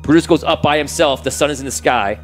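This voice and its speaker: A man's voice: on the high side, fast talker, music in the background, low-quality recording. A man narrating as game master of a tabletop game, setting scenes cinematically and rambling with restarts and fillers.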